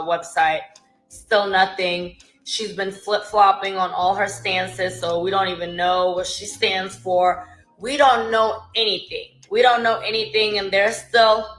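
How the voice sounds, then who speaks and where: A woman's voice: lowish voice, a bit bright. A woman giving dismissive, exasperated political commentary. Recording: echoey room with music under.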